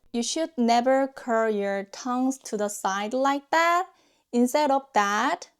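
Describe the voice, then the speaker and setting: A woman with a Korean accent, a native Korean speaker, teaching a pronunciation lesson patiently and repeating example words slowly. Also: fairly high pitch. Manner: patient, demonstrates sounds with slow repeated drills.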